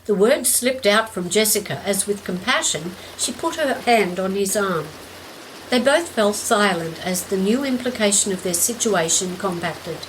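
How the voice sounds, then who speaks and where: A woman narrating a short story in a measured, gentle way. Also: medium pitch, a little hiss or hum, poor audio. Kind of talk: scripted narration. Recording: steady rain in background.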